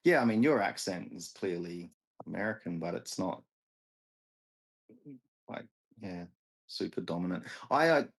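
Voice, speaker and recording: A man's voice: deep voice, animated, measured pace, creaky, pauses often, slightly rough, rough recording. An Australian man with an Australian accent in a laid-back casual chat, telling stories with a chuckle.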